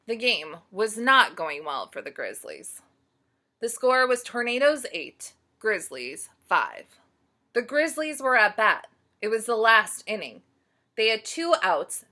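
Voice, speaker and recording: A woman storyteller reading a picture book aloud to children, pausing to ask them questions. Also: on the high side. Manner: slow, animated, asks listeners questions.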